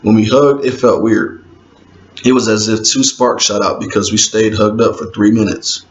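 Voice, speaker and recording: A man's voice: fairly low pitch, steady tone, normal speed. Man from indiana reading his own book, chill and slangy, kinda echoey muffled room. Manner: laid-back, conversational, street slang. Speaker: author reading his novel. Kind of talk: casual audiobook reading with asides to listeners. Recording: roomy, dull lo-fi with faint hiss.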